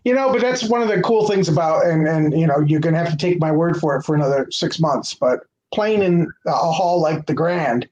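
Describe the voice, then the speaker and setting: Higher-voiced man hosting a video interview. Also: darkish tone, highs cut off. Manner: halting, with frequent filler sounds. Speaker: venue director, interview host. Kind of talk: casual interview.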